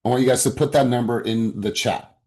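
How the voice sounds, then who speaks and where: A man's voice: mid-range voice, fairly even intonation, a little fast, darkish tone. A man leading a motivational sales coaching session over a video call, emphatic and exhorting, with occasional swearing.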